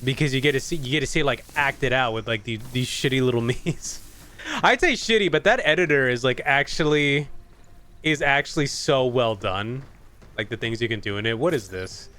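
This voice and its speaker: A man's voice: mid-range voice, moderate pace, pushed and bright, a little hiss or hum. A man streaming a video game, chatting casually in a rambling, profane way with many restarts. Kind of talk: casual gaming commentary.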